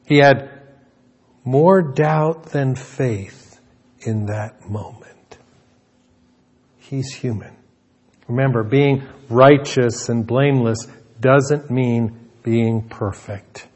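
A man's voice: mid-range voice, very slow, long pauses, darkish tone. A male pastor preaching a sermon in an earnest manner, often repeating words as he restarts a thought.

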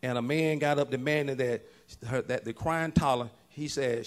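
A male pastor preaching a lively sermon, moving from quiet talk to loud shouts and laughing with his congregation. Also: normal speed. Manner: animated, swings from low and quiet to shouting.

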